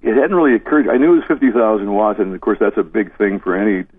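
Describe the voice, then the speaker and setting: A man's voice: on the low side, lively intonation, quick pace, slightly rough, dry recording. An older man, a former disc jockey, telling stories in an interview, rambling and chuckling as he goes. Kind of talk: reminiscing interview. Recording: dry tinny phone line.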